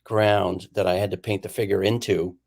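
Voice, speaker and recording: A man whose voice sits low, with vocal fry and normal speed, is a painter visiting as a guest. In casual chat he tells an anecdote, performing the quotes of the people involved.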